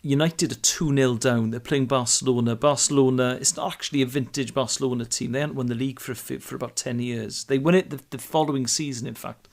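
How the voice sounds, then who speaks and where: A man's voice: mid-range voice, fairly even intonation, fast talker, creaky, few pauses. A man from Wales telling a detailed football anecdote in casual chat. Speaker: podcast co-host. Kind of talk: casual storytelling.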